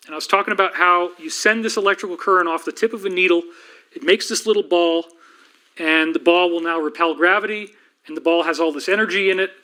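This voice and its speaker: A middle-aged man hosting a livestream, lecturing rapidly and rambling with frequent restarts. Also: sits high, bright, forceful tone. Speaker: livestream host and researcher. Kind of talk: fast-paced lecture livestream.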